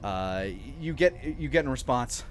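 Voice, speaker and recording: A man running a tabletop horror game as game master, shouting and crying out when he voices the non-player figures. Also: mid-range voice, lively intonation, unhurried, faint music behind.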